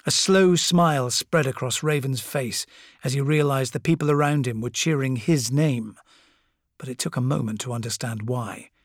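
A man reading a fantasy audiobook in a measured, dramatic storytelling voice. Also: medium pitch, no echo, clean studio sound. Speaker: audiobook narrator. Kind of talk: scripted narration.

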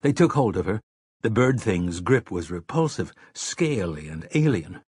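A man narrating an audiobook in a measured, even manner on a close mic. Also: on the low side, husky, dry recording. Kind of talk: scripted narration.

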